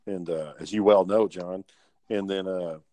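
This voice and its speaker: A man's voice: low voice, fairly even intonation, measured pace, mellow, no room sound. A man telling profane, laid-back work stories in casual chat.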